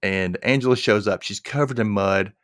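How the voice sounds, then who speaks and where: A man hosting a casual podcast chat, recapping a TV episode and acting out the characters' lines in quick impressions. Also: lowish voice, a bit bright, dry recording, clean studio sound. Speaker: podcast host.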